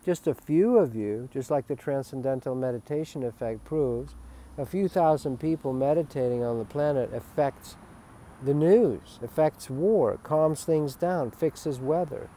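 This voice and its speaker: Brief: man, mid-pitched, emphatic and rambling spiritual talk, faint traffic behind. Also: a little slow. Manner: emphatic and rambling, swings from loud to hushed. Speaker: spiritual teacher. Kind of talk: spiritual webcast monologue.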